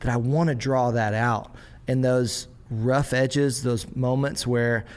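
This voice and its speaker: A young adult man hosting a church podcast in a casual, chatty way. He is an animated storyteller who slips into quick voices for his kids and his own father. His pitch sits in the middle for a man. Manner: animated storyteller acting out family scenes. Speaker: podcast host and pastor.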